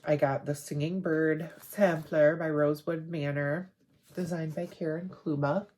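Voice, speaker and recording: Low-voiced, unhurried woman chatting. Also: a little hiss or hum. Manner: chatty, rambling, easily excited. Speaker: crafting video host. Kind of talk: casual show-and-tell haul.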